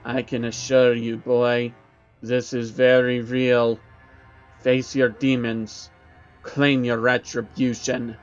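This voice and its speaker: Slow, gravelly demonic tormentor, put on by a man narrating, deep and taunting, in a horror storybook reading. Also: level tone, natural voice. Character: deep mocking male demon in a soldier's helmet. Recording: dull recording with background music.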